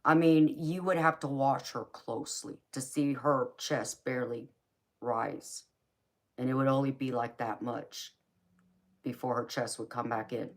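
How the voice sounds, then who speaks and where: A woman's voice: extremely low pitch, steady tone. A woman telling an emotional story on stream. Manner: earnest and emotional, with halting repeated starts. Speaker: tarot reader hosting a live stream. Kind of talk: livestream storytelling.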